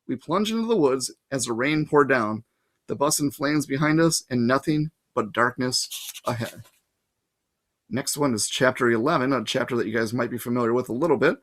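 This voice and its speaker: A man's voice: mid-range voice, moderate pace, fairly bright tone. A man, possibly a teacher, reading a novel aloud to his listeners in plain first-person narration with casual asides. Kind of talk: storybook read-aloud.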